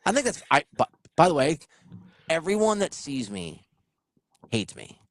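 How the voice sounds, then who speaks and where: Lively, animated male podcast host. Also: fairly high pitch, measured pace, no echo, studio quality. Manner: animated, laughing storyteller who swears. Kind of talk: casual storytelling chat.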